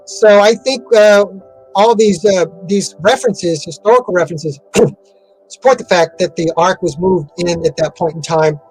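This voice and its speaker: High-voiced man, rambling. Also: moderate pace, a little mellow, slightly rough, faint music behind, low-quality recording. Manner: rambling, many fillers and restarts. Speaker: interview guest. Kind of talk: casual interview talk.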